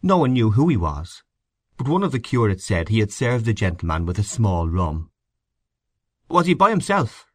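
Low-voiced man narrating a short story. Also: lively intonation, moderate pace, darkish tone, no echo, clean studio sound. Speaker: audiobook narrator.

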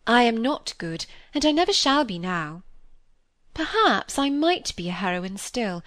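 A woman reading a classic novel aloud, voicing a restless, self-mocking young woman who talks in a lively, wry, confiding way. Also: fairly high pitch, unhurried, no echo, pitched above the performer's own voice. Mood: candid.

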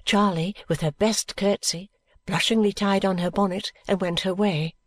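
A woman reading a novel aloud as a first-person audiobook narrator, with a calm, even storytelling delivery. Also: medium pitch, normal speed, dry recording. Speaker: audiobook reader.

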